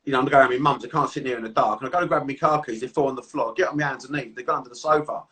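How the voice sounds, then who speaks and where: A podcast host with a mid-range, bright, forceful voice talks at a racing pace, picked up by a distant mic. He tells stories in a casual, sweary, easygoing chat and laughs easily.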